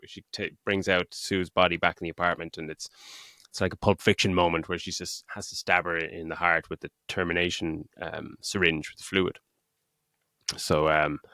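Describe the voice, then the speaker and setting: A man's voice: sits low, a bit bright, no room sound, studio quality. A middle-aged man co-hosting a podcast, retelling a film's plot in casual chat, swearing freely and laughing as he goes. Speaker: podcast co-host. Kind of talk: casual film review chat.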